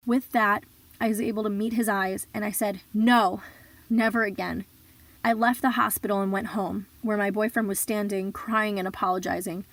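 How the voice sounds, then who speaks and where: A woman reads a survivor's memoir aloud, steady and earnest. Her pitch sits in the middle range. The sound is dry and close, with almost no room echo. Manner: earnest, measured storytelling with emotional emphasis. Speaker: reader of survivor stories. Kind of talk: reading a memoir passage aloud.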